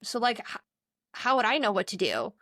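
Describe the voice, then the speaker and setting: A woman's voice: fairly high pitch, big pitch swings, moderate pace, bright, forceful tone, no room sound, clean studio sound. A young adult woman co-hosting a podcast, talking in a rambling, earnest, chatty way. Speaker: podcast co-host. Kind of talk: casual chat.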